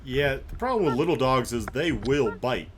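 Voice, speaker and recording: A man's voice: medium pitch, animated, normal speed, background noise. A man hosting a reaction video, giving sarcastic, opinionated commentary on riding clips.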